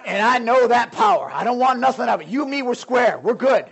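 A man's voice: extremely high pitch, lively intonation, brisk, vocal fry, muffled recording, some chatter behind, voice pushed up, full character voice. A man voicing a tough male prison gang leader who blusters and repeats himself. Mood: uneasy.

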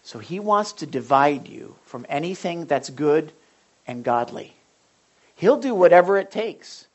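A male pastor preaching a sermon with animated storytelling and questions to the audience. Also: fairly high pitch, unhurried.

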